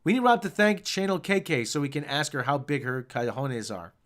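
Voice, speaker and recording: Man, live stream host, loose rambling chat, reads viewer comments aloud, lively up-and-down pitch. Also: a little fast.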